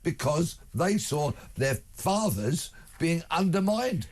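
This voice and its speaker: A man's voice: a little high, sing-song, takes it slowly. A man, a guest on a talk radio show, speaking emphatically and stringing together long spoken lists. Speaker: studio guest. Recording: broadcast studio.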